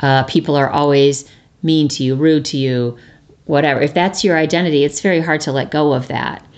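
A woman's voice: low voice, steady tone, fairly quick. A woman in her thirties hosting a reflective solo talk, earnest and conversational, often restarting and tossing in a rhetorical "right?". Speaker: podcast host.

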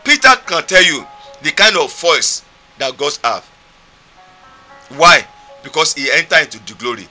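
Nigerian male pastor, emphatic repetitive sermon delivery, sharp bright tone. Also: on the high side, sing-song, measured pace, long pauses, faint music behind. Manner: fervent, emphatic, repetitive preaching. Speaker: preacher.

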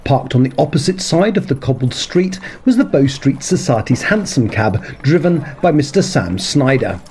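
A man reads a period detective story aloud, measured and expressive. His mellow voice rises and falls freely in pitch, with faint ambient sound behind him. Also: slight background noise. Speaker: story reader.

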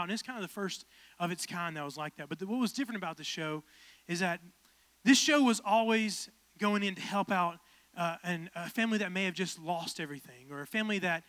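High-voiced young male preacher. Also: no echo. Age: 20s. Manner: casual, animated storytelling building to fervent preaching. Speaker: pastor. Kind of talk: storytelling sermon.

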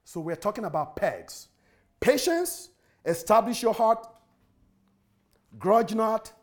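A man preaching a sermon with emphatic repetition, swinging from loud exhortation to hushed pleading. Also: sits high, big pitch swings, slow pace. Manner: pleading, earnest. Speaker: pastor.

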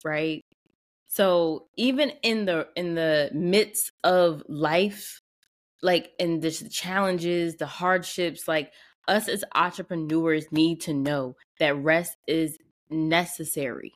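A woman's voice: fairly low pitch, slow pace. A woman hosting a casual, faith-based motivational talk, speaking conversationally, repeating phrases for emphasis and laughing often. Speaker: podcast host.

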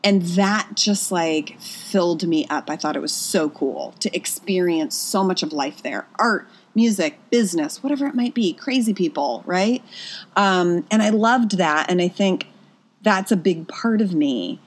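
Female guest, 30s, personal trainer, lowish voice, chatty and animated, restarts often. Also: unhurried. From Pennsylvania, USA. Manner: animated storyteller with frequent restarts. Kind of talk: casual interview chat.

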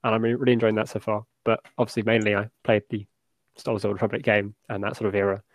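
A man appearing as a podcast guest in casual chat, who answers haltingly with many fillers and restarts. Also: on the low side, flat delivery, dry recording.

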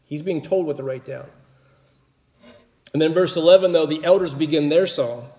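A man with a mellow, slightly higher voice teaches scripture in an easygoing, conversational way. He keeps checking in with his listeners as he explains. The room around him is roomy and echoey. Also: moderate pace. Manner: relaxed, explanatory, often checks in with "right?". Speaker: Bible teacher.

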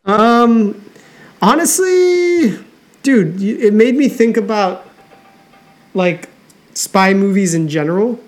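A man's voice: sits high, slow pace, pauses often. Laid-back guy cohosting a podcast, lots of ums, easygoing chat. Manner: hesitant, many ums, relaxed. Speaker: podcast co-host. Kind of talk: casual chat.

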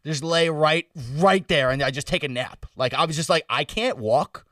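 A young man casually telling a long, profane story on a podcast. He rambles in slang and often drops into low mumbles. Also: lively intonation, moderate pace, pushed and bright, no room sound, studio quality, distant mic.

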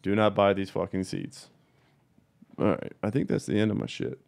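Profane, heated man with a smooth voice. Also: on the low side, normal speed, darkish tone. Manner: profane, blunt and heated, repeats points for emphasis. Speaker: cannabis breeder. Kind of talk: casual ranting video monologue.

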